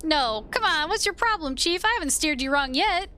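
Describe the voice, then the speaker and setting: A woman reading the lines of a sly, wisecracking male skull who talks quickly to wriggle out of questions. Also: high voice, expressive, bright, forceful tone, pitched above the performer's own voice. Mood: defensive. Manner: chatty, wheedling, defensive.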